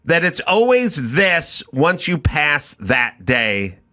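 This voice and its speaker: A middle-aged man telling a comic story on a talk show, fairly high-pitched and bright. His delivery is animated and swoops widely as he voices both himself and the other person. It sounds like an exasperated comedic rant. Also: slow. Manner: animated storytelling, acting out both sides of a dialogue. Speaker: podcast host.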